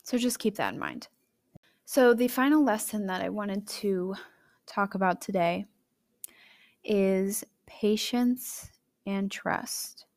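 A young adult woman hosting a podcast, chatty and candid, telling a personal story with emotive jumps in pitch and loudness. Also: lively intonation, moderate pace, gravelly. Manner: chatty and candid, addressing listeners directly. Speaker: podcast host.

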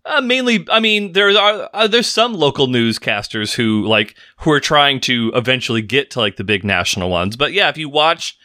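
Lively, bright-voiced teasing man. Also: medium pitch, normal speed, few pauses. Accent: US Pacific Northwest. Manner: teasing, matter-of-fact, explains. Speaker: podcast co-host. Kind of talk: casual chat.

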